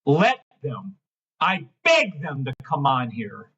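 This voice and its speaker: Livestream host, male, husky voice, brash and mocking, dull lo-fi stream sound. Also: medium pitch, wildly swooping pitch, takes it slowly. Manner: brash, mocking, profane, swings between shouting and mumbling. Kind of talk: live-stream rant and chart reading.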